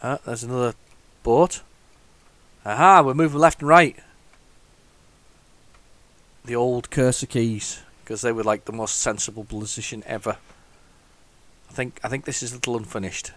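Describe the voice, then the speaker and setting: A man's voice: mid-range voice, very animated, normal speed, long pauses. A man hosting a retro computing video, talking casually as he goes, rambling and restarting often, with wry self-mocking asides. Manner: rambling, thinks aloud, frequent restarts. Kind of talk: casual running commentary.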